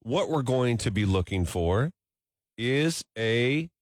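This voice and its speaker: A man hosting a live morning radio show, presenting a segment in an animated, emphatic way. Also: medium pitch, slow pace, dry recording, clean studio sound.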